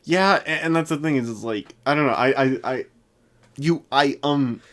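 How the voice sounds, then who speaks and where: A man's voice: mid-range voice, moderate pace, fairly bright tone. Rambling, laughing male podcast co-host. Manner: laughing, rambling with many fillers. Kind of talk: casual chat.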